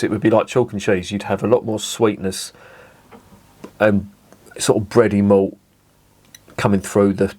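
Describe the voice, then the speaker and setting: A man casually tasting and reviewing a beer, chatty and rambling as he savours it. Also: fairly low pitch.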